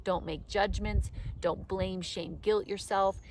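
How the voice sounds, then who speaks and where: A woman's voice: mid-range voice, fairly even intonation, takes it slowly, slight background noise. A woman coaching her audience in a motivational talk, emphatic and repetitive, with casual swearing.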